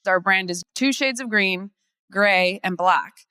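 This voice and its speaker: A woman's voice: mid-range voice, takes it slowly, sharp tone, clear, resonant tone, dry recording. A woman lawyer, candidly chatting to a conference audience and laughing often. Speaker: lawyer and firm owner. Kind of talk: conference panel talk.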